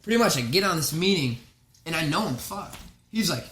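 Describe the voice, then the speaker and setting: A young man tells a wild college story in loose casual chat, piling on filler and swearing as he laughs at himself. His voice sits a little high and sounds bright and pushy. The room around him is echoey, with faint noise underneath. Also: expressive, fairly quick. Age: young adult. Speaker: podcast guest.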